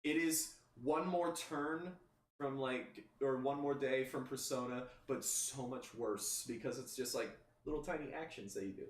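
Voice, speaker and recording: A man with a mid-range voice hosts a podcast, chatting at an unhurried pace and telling a rambling story packed with restarts and "you know." It's casual chat, picked up on a distant mic in a roomy space with faint background noise.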